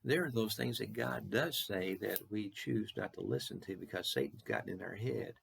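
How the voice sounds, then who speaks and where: A man from Texas giving a short devotional sermon, earnest, with slow, repeated questions for emphasis. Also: on the low side, vocal fry, a bit bright, slightly rough. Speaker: preacher.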